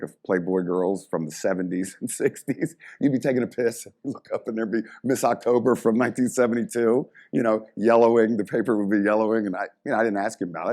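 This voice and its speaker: A middle-aged man, a former strength coach, telling stories in a casual interview and acting out the people in them. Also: fairly low pitch. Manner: animated storyteller, acts out quoted voices.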